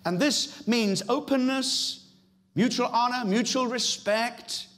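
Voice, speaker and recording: A man's voice: very high-pitched, slow, a bit bright. A middle-aged man with a British accent preaching a sermon in a church, emphatic, repeating key phrases and speaking straight to the congregation. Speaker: pastor.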